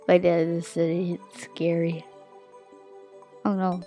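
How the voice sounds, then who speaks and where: A woman casually commenting on her own gameplay, swinging from hushed mutters to loud excited outbursts. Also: lowish voice, slow, long pauses, faint music behind. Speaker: gameplay narrator.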